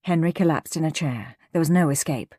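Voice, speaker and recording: A woman narrating a children's storybook aloud in an expressive way, close to a studio mic. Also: sits low, fairly quick, dry recording. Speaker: audiobook narrator.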